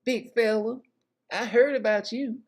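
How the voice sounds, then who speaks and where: A man voicing a flirty female pop star in a coy, teasing falsetto. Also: steady tone, a little slow.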